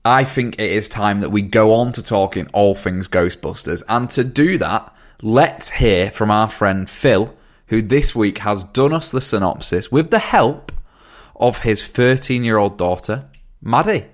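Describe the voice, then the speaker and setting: A man's voice: lowish voice, lively intonation, unhurried. A man hosting a chat show, teasing his co-host and leading into segments. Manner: dry teasing, presenter-like segues. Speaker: podcast host. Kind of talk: casual chat and show links.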